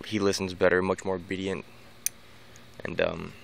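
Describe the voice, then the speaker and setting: Deep, gravelly male vlogger; loose rambling delivery full of restarts; faint background hiss. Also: little pitch movement, moderate pace. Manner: rambling, many restarts and repeated words. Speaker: dog owner giving training tips. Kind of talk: casual unscripted vlog monologue.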